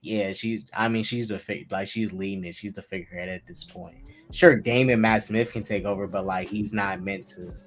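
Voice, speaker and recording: Excitable man chatting about TV. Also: lowish voice, moderate pace. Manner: excited, stumbling over restarts. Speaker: podcast host. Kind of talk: casual group chat about TV.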